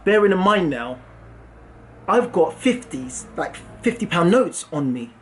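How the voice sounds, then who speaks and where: Animated English man telling a story. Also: high voice, unhurried, a little hiss or hum. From England. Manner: animated, self-mocking storytelling. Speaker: property investor and channel host. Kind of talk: storytime vlog.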